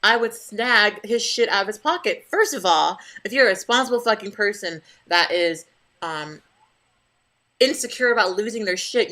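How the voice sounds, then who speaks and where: Blunt, bright-voiced young woman ranting. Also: mid-range voice. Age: young adult. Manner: blunt, profane, indignant storytelling. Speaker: vlogger. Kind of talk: casual rant to camera.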